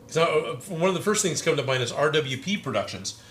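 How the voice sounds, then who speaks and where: Guy hosting a craft livestream, bright voice, chatty, a bit of hiss behind him. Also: a little high, animated, brisk. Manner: chatty, reads out viewer comments. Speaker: maker livestream host. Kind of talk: casual livestream chat.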